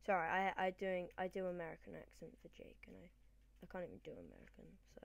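A woman's voice: on the low side, expressive, fast talker, dry recording. A British woman rambling casually through gameplay commentary, often correcting herself mid-sentence. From Britain. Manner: chatty, rambling, self-correcting. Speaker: gaming channel host.

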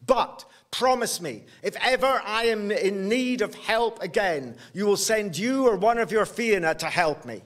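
A man voicing a young princess from the land under the waves, making soft, earnest pleas in a told folk tale. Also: high-pitched, animated, measured pace, few pauses. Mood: solemn. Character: young female princess from under the sea, pleading.

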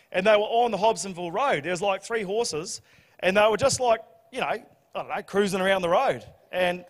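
A man with a New Zealand accent, a pastor telling a lively story in a sermon with sudden shouts and laughter. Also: high voice. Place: church.

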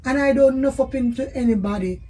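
A woman's voice: sits high, brisk, dark tone, distant mic. A woman with a Jamaican accent arguing with her husband in patois, insistent and pressing him with repeated questions. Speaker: wife. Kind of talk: heated domestic argument.

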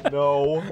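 A man co-hosting a let's play, goofy and jumping from loud outbursts to low mumbles. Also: noisy background. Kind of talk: casual gameplay banter.

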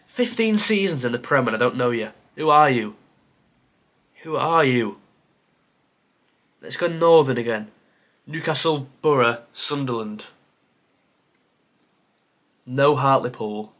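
A man's voice: mid-range voice, expressive, slow, pauses often, fairly bright tone. A man who creates football content, thinking aloud to himself during a timed quiz, muttering and sighing with self-deprecating asides.

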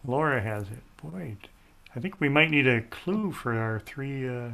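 Gravelly, bright-toned male host. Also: mid-range voice, measured pace. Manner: relaxed, laughs easily, tracks the score. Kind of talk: casual talk show chat.

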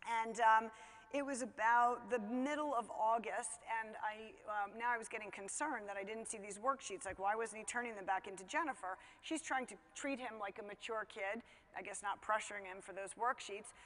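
A middle-aged woman with a fairly high voice tells a family story on stage. She talks in a loose, chatty way, with plenty of fillers and easy self-deprecation. Her voice rings out with a long hall reverb. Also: normal speed, fairly bright tone. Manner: conversational, chatty, many fillers like "you know", laughs at herself. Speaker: speaker telling a parenting story. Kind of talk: personal storytelling talk.

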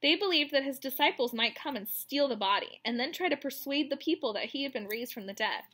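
A woman reading a Bible story aloud at bedtime to a child, expressive and tender. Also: high-pitched, fairly quick.

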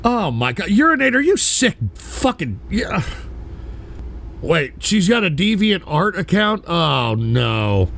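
A man streaming live, reacting to clips with loud, profane outbursts. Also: high-pitched, sing-song, slow, vocal fry.

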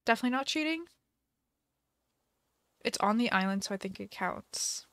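A woman's voice: on the high side, animated, moderate pace, a bit bright, no room sound, clean studio sound. A young woman live-streaming a video game, chatting casually with a giggly, dramatic manner and mock panic.

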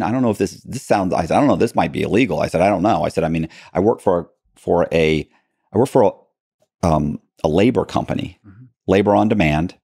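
A man's voice: low-pitched, darkish tone, dry recording, studio quality. A man telling a story as a podcast guest, acting out both sides of the dialogue.

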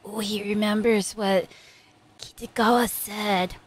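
A woman reacting to an anime, talking to the characters on screen and swinging between loud cheering and soft, sympathetic murmurs. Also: medium pitch, steady tone, slow pace, breathy edge. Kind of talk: emotional anime reaction commentary.

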